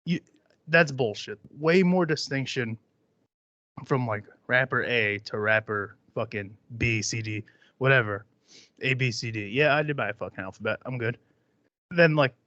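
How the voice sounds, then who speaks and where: A man's voice: medium pitch, a bit bright, no echo. A man hosting a podcast, ranting casually in a profane, sarcastic, mocking way. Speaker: podcast host. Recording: dry, dull lo-fi sound.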